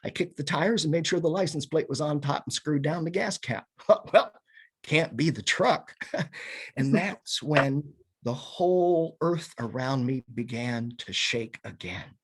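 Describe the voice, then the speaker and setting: A man telling a comic tall tale to an audience, animated and chuckling at his own jokes. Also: a little high, measured pace, slightly rough. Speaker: storyteller. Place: home, virtual session.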